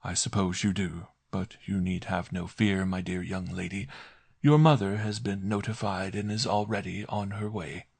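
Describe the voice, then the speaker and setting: A man voicing a pompous, smooth-talking older male doctor who speaks in an unctuous, oracular way in a storybook reading. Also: deep voice, little pitch movement, moderate pace, darkish tone, full character voice. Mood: smooth menace.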